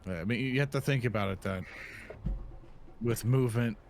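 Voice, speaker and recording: A man's voice: mid-range voice, brisk, gravelly, faint music behind. A man playing a tabletop game, explaining tactics at length. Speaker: player. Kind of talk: casual game table chat.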